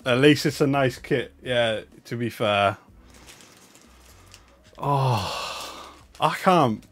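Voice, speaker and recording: A young man giving excitable, chatty commentary on a live stream, swinging between loud bursts of hype and muttered asides. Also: mid-range voice, drawn-out words, faint music behind. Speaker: livestreamer opening trading cards.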